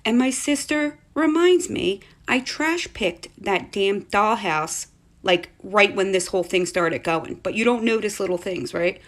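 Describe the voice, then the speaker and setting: A woman's voice: mid-range voice, a little slow. Chatty mother telling a ghost story. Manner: chatty, animated retelling with many asides. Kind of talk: casual storytelling to camera.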